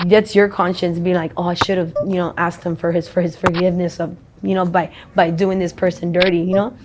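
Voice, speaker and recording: Blunt woman rambling in a street interview, cussing freely, lots of street noise, mid-pitched voice.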